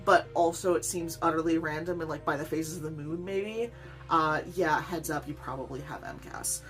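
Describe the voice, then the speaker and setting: Low-voiced woman host, chatty and rambling, casual home vlog. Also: normal speed, a bit bright, faint music behind. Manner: chatty, rambling, self-deprecating, laughs often. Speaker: weaver, channel host.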